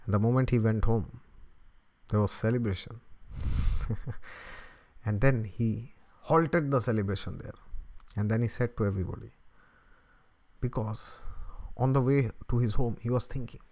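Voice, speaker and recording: A middle-aged man teaching through a scripture story, chuckling often and asking rhetorical questions in an animated, conversational way. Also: on the low side, a little slow, pauses often.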